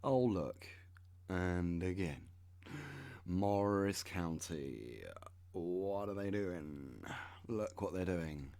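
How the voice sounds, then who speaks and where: Slow, low-voiced man. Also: lively intonation, warm tone. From United Kingdom. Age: 30s. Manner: wry, sarcastic asides. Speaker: channel host. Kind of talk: reading web pages aloud with commentary.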